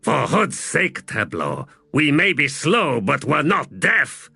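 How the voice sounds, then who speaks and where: A gruff, weary warlord from a fantasy audiobook, played by a male narrator. He speaks slowly and sardonically, with a bright, lively tone slightly above the narrator's own pitch. The sound is dry and close, with faint music underneath. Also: no echo, heavily acted.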